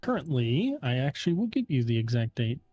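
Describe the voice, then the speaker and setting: A man acting as game master, explaining a contract to the players in a relaxed, halting way with many fillers. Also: mid-range voice, dry recording. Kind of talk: narrating a tabletop game.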